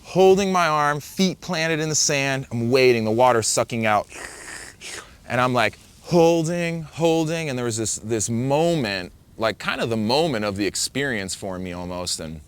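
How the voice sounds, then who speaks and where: A man telling the story of a surfing wipeout in a casual, halting way, full of fillers and quoted thoughts. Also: medium pitch, animated, clear, resonant tone. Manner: vivid, halting retelling with many fillers and self-quotes. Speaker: surfer recounting a wipeout.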